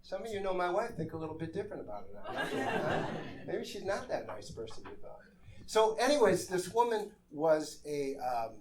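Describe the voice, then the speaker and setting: A man telling a comic story live on a theater stage, animated and exasperated, acting out the voices in his tale. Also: mid-range voice. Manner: animated, exasperated, acts out quotes.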